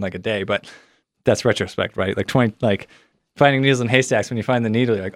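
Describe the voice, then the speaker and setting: A man's voice: mid-range voice, fast, dry recording, studio quality. A young man telling a personal story in a casual, rambling way, full of "like" fillers and acted-out quotes. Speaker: son of a missing hunter, guest.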